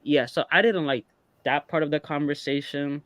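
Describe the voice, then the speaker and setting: A man co-hosting a casual reality TV recap podcast, talking in a relaxed, hesitant way with many fillers. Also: a little high, normal speed, no room sound. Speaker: podcast co-host.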